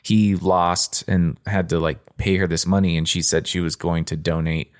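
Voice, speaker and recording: A man's voice: sits low, level tone, moderate pace. A man chatting casually, retelling events in a laid-back way with lots of fillers. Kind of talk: casual chat.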